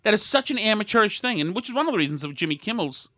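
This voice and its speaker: A middle-aged man hosts a podcast in a bright, somewhat high voice. He rambles and mocks, restarting his sentences often. The sound is dry and close to the mic. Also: very animated, rapid-fire, no room sound. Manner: rambling, sarcastic, with many restarts and mocking voices. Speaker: podcast host. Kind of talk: casual political chat.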